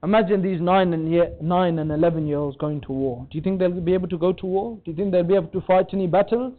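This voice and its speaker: A man's voice: sits high, fast. A man giving a mourning sermon, narrating a tragic story and rising into a wailing, tearful chant. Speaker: majlis speaker. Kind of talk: mourning sermon with lamenting recitation. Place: community centre hall. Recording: tinny phone-like sound.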